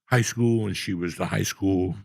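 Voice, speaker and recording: A middle-aged man tells his stories with a rough, gravelly rasp in a lowish register. He gets animated and profane as he talks. The sound is close and dry, with no room around it. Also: moderate pace, no room sound. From New Jersey. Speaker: podcast host. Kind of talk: storytelling in casual chat.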